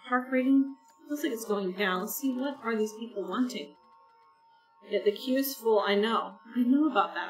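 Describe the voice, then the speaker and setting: A woman streaming a game, chatting in a rambling, casual way and talking to her viewers. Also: medium pitch. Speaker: gaming streamer. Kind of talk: casual chat while playing a game. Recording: roomy, distant mic with soft game music.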